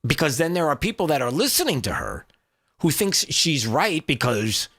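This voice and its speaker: A man's voice: fairly high pitch, sing-song, normal speed, a bit bright, slightly rough. An American man hosting a political talk radio show, sarcastic and rambling with many fillers.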